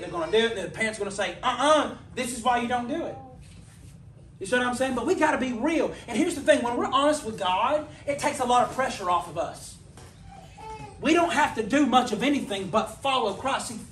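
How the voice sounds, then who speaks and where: A man's voice: sits high, a little hiss or hum. Echoey, conversational male preacher. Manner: conversational and humorous, rising to forceful emphasis; volume swings from loud to very quiet. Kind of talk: sermon. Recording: echoey room, voice from a distance.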